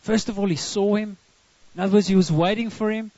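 A man's voice: sits high, steady tone, a little fast, warm tone, no room sound. A South African man preaching a sermon as pastor, counting off his points and dropping into homely family stories. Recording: dull lo-fi recording.

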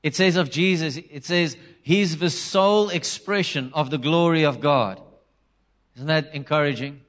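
Animated man preaching. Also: a little high, unhurried. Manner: conversational, animated preaching with restarts and acted-out quotes. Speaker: pastor. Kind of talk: sermon.

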